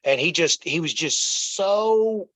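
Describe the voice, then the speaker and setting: A man's voice: fairly high pitch, expressive, takes it slowly, fairly bright tone, no echo. A middle-aged man telling a painful family story as an interview guest, earnest and repetitive, often talking straight to the listeners. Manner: earnest, repeats himself, addresses listeners as y'all. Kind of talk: emotional personal storytelling. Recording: dull, slightly lo-fi dry sound.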